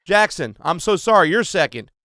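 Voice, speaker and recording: Chatty high-voiced man hosting trivia. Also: sing-song, normal speed, sharp tone, no room sound, clean studio sound. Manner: loose, chatty, frequent fillers and restarts. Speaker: trivia game host. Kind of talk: casual livestream trivia hosting.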